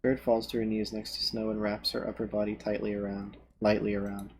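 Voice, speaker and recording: A man streaming, reading a visual novel's narration aloud in a steady manner. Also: lowish voice, brisk, a little hiss or hum.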